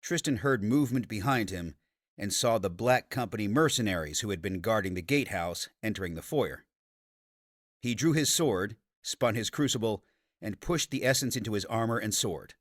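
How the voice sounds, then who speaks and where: In a dry, studio-quality recording, a man with a lowish voice narrates a fantasy audiobook at a moderate pace. His scripted storytelling stays steady and even.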